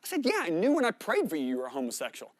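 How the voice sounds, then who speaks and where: A middle-aged man preaching with animated storytelling, his voice leaping up and down as he acts out conversations. His voice sits fairly high for a man, and the sound is close and dry. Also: very fast, dry recording. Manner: animated storytelling, acting out dialogue with sharp rises in pitch and volume. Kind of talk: sermon storytelling.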